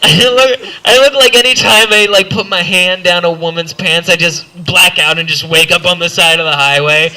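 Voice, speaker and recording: A young male stand-up comedian with a slightly high voice performs a set on a comedy club stage, crowd noise audible. He's very animated and a little slow, rambling and self-deprecating, with frequent stumbling restarts.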